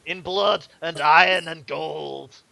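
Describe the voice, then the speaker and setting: A man voicing a swaggering bandit leader who talks in loud, mocking threats. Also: a little high, creaky, no echo, pitched above the performer's own voice, exaggerated voice. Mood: menacing. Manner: loud, sneering, drawn-out threats.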